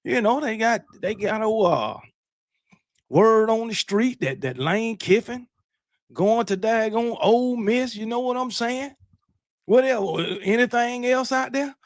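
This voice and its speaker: A man's voice: extremely high pitch, expressive, measured pace, no echo, clean studio sound. A man hosting a late-night live stream, chatting casually and greeting viewers from the chat. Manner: loud hype shouting, then laid-back reading of chat names.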